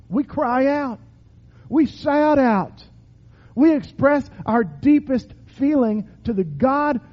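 A man preaching and praying in a sermon, with measured, emphatic delivery and repeated phrases. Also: sits high. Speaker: pastor. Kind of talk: sermon prayer. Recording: reverberant hall, dull lo-fi sound.

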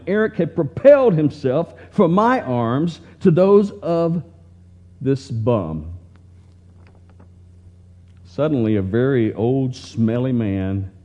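Male preacher, mid-pitched, unhurried tender storytelling; muffled lo-fi recording. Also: mellow. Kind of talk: slow, heartfelt story reading in a sermon. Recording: dull lo-fi recording.

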